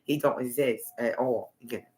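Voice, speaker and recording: A man with a mid-range, darkish, steady voice talks at a moderate pace while hosting a live video stream. The monologue wanders and repeats, and he often trails off partway through a sentence.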